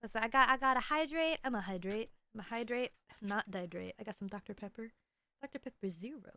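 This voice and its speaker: A woman streamer talking loosely into a desk mic, her voice bright and a touch high. She rambles playfully and pokes fun at herself. The sound is close and dry. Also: quick pace, no echo. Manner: rambling, playful, self-mocking. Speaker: livestreamer. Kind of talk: casual stream chat.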